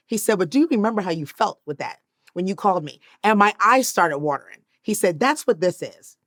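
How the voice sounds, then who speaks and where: Animated woman in her fifties telling a story. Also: mid-range voice, normal speed, no echo, clean studio sound. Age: 50s. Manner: acts out quoted voices, swings between hushed and loud. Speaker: actress and interview guest.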